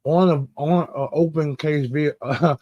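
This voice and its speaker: A man's voice: fairly high pitch, measured pace, dry recording, muffled recording. Fired-up man telling a grudge story. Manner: animated, indignant, heavy profanity. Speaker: podcast co-host. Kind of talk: casual profane storytelling.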